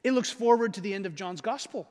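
A man's voice: sits high, fast, darkish tone, long reverb tail. A man preaching a sermon to his congregation in a conversational way, often checking in with "right?". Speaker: pastor.

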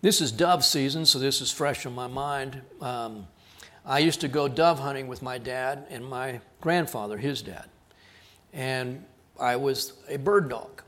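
A man from South Texas, preaching a sermon as a pastor, with an earnest delivery that drops to quiet emphasis on key words. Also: mid-range voice, measured pace.

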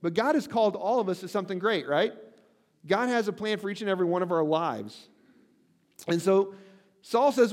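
Man, pastor, sermon, high voice, conversational, wry asides, reading scripture, long hall reverb. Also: lively intonation, normal speed, darkish tone. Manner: conversational, often checks in with "right?".

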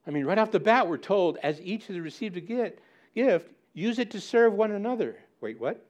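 A man's voice: sits high, normal speed, a little mellow. A man preaching a sermon as pastor, acting out listeners' objections with mock indignation and repeating key words to drive his points home.

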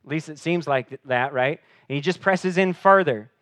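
In a dry recording, a man preaching as pastor speaks at a moderate pace with earnest conviction. His voice rises in pitch and power to stress points, then drops to a hush, and he frequently restarts by repeating words.

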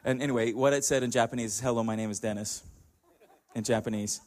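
A man's voice: medium pitch, fairly even intonation, quick pace, darkish tone. Talk like a middle-aged man chatting with a congregation. Keep it anecdotal and easygoing, in a medium voice with a ready chuckle. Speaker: church speaker.

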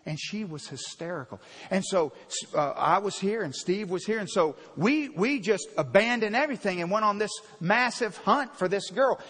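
A male pastor preaches in a church, hammering home key words and then dropping low to tell a story. His voice sits very high for a man. A long reverb trails after each phrase, as if he stands in a large hall. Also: lively intonation, normal speed, hardly any pauses. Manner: emphatic, repeats key words, swings between loud and quiet. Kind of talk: sermon. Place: church sanctuary.

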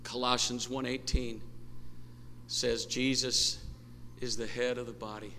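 A man preaching a sermon as pastor, impassioned and rising to shouts, in a church sanctuary. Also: medium pitch, flat delivery, unhurried, creaky. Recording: long church hall reverb, faint noise.

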